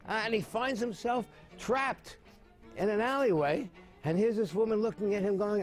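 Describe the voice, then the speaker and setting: A man in his seventies explaining mime and telling jokes with lively storytelling, his voice rising high as the stories build. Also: normal speed, faint music behind. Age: 70s. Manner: animated storytelling with big pitch jumps.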